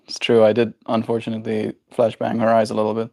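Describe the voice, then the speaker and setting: Young South African male streamer, low gravelly voice, loose joking chat with viewers. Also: completely flat delivery, fast talker, hardly any pauses, a little mellow, no room sound. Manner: joking, reads chat aloud and answers it. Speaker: livestreamer. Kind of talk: casual live-stream chat.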